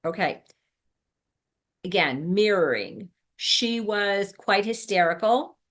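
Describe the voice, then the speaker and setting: A woman's voice: mid-range voice, expressive, takes it slowly, a bit bright. A woman leading a workshop for birth helpers, talking casually with many ums and restarts. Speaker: doula trainer. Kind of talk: workshop teaching.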